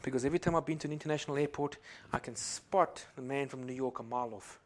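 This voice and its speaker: A man from Africa preaching a sermon as pastor. He swings between loud exhortation and quiet asides and keeps saying amen and glory to God. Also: mid-range voice, fast talker.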